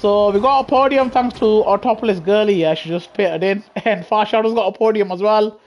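Talking a little fast in a voice that sits high, this streamer jokes, laughs and teases through live commentary on his sim racing game. He speaks into a gaming headset at his home setup, and the lo-fi recording carries soft background music.

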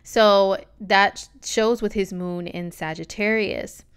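Sassy chatty woman astrologer, smooth voice. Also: medium pitch, fairly even intonation, slow pace. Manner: chatty, sassy, slangy, lots of "okay?" asides. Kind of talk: casual astrology reading vlog.

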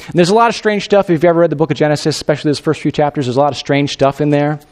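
A male pastor preaching a sermon in a conversational, animated way, with fillers like "you know" and "I mean". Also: fairly high pitch, very fast.

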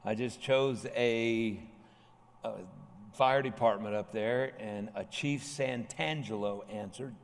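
A male pastor telling a lively, humorous story from the pulpit in a large church sanctuary. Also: mid-range voice, slow pace. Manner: animated anecdote with humorous asides. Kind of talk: storytelling sermon. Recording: long hall reverb.

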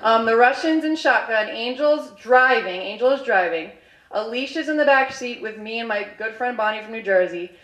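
High-voiced woman telling a lively story. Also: moderate pace. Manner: animated, chatty, often laughing, heavy use of "like". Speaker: storyteller at a live story slam. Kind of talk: live personal storytelling. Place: stage in a hall. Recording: echoey hall.

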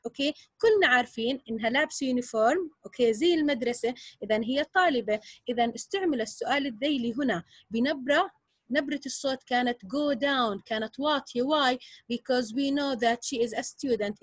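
High-voiced teacher with an Arabic accent. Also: female voice, no room sound, rough recording. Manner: explains step by step, switching between English and Arabic, says "okay?" often. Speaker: English teacher. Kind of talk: classroom grammar lesson.

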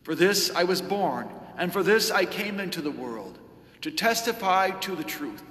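A man voicing a calm, steady Jesus in a solemn liturgical scripture reading recorded in a church. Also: sits high, moderate pace. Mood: serene. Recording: echoey church with long reverb.

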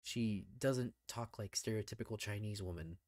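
Mellow low-voiced man, casual film chat. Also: normal speed, dry recording, clean studio sound. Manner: relaxed, hedging, rambling. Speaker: podcast co-host.

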